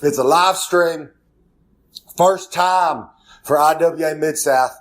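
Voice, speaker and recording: A man's voice: fairly high pitch, slow pace. A man with a Southern US accent delivering a rambling, boastful wrestling promo full of catchphrases. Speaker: wrestler doing a promo segment.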